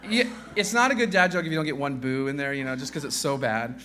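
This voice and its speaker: A man in his thirties, a guest pastor, preaching a casual sermon full of jokes, fillers and restarts, quieter in prayer. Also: mid-range voice, fast.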